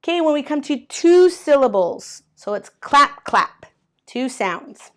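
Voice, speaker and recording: A woman with a high, very animated voice talks slowly as she teaches learners an English grammar lesson. Working at a board in colored writing, she spells letters out patiently and claps through the syllables.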